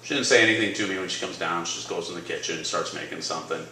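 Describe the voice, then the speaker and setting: A man's voice: deep voice, very fast, bright, forceful tone, slight background noise. A man telling a personal story live on a cafe stage, casual, rambling and self-deprecating. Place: cafe stage before an audience. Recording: echoey room, distant mic, crowd ambience.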